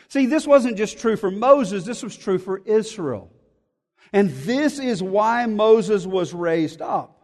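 A man with a high, light voice preaches a verse-by-verse sermon. He talks earnestly and often repeats a word while he gathers his thought. His voice rings out with the long reverb of a large church hall. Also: darkish tone. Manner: earnest, repeats words when thinking aloud. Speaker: pastor. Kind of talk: expository sermon.

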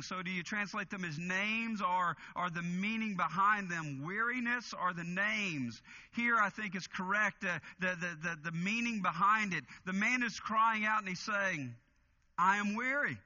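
A man preaching an expository sermon as pastor, earnest, slowing down to stress key phrases. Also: high voice, pushed and bright, highs cut off.

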